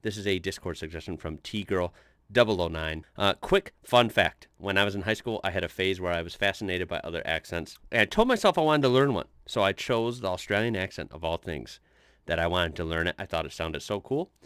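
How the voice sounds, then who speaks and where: A man's voice: deep voice, expressive, brisk, a bit bright, clear, resonant tone, no room sound, studio quality. A man hosting a reaction video, talking casually and chiming in with laughs and short remarks. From United States. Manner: chatty, laughs along, interjects.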